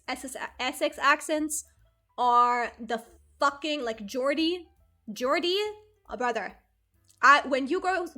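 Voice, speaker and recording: Bright-voiced chatty young woman streamer. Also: a little high. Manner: rambling, self-correcting, laughs often. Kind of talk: casual chat with live chat.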